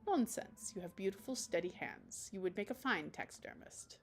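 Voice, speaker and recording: A woman voicing a soft-spoken, formal man in a dating game. He is gracious and complimentary. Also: mid-range voice, lively intonation, normal speed, faint music behind, lightly acted. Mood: courteous. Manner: polite, formal, gently complimentary.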